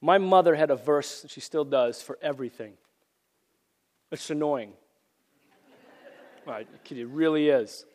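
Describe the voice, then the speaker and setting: Earnest preacher with a cold, big hall. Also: male voice, on the high side, a little slow, long pauses, a little mellow. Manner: earnest, repeats phrases for emphasis. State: losing his voice from a cold. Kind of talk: sermon. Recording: long reverb of a large hall.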